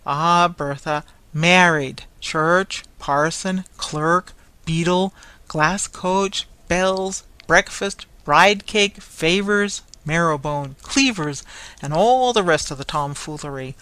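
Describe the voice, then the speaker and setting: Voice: medium pitch, moderate pace, a bit bright, dry recording, close to an everyday voice. A grumpy, sneering toy merchant, as a storyteller puts him on speaks in curt, muttered phrases full of contempt. He sounds cold and dismissive. This is a storybook reading, not a staged play. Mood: mocking. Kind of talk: audiobook character reading.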